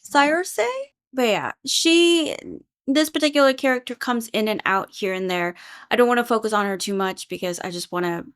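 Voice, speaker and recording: A woman's voice: mid-range voice, brisk, fairly bright tone, smooth. A woman casually recapping a webtoon in a chatty, rambling way, with lots of fillers and the odd swear.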